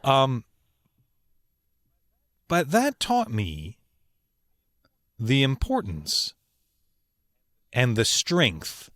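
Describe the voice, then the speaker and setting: A man who works as a voice actor, telling personal stories as a podcast guest in an earnest, emphatic way with slow, weighty pauses. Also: medium pitch, wildly swooping pitch, a bit bright, dry recording, studio quality. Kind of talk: reflective interview storytelling.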